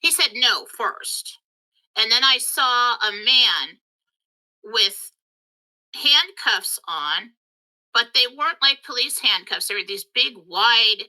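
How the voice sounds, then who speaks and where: A woman hosting her spiritual channel, telling a story in a casual monologue, excitable and emotional, rushing along. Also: a little high, rough recording.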